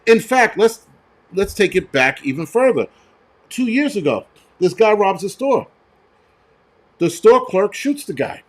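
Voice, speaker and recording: Very animated and high-pitched, this man speaks a little slowly and pauses often. He's a firefighter running a livestream, where he launches into blunt, profane rants and tells work stories.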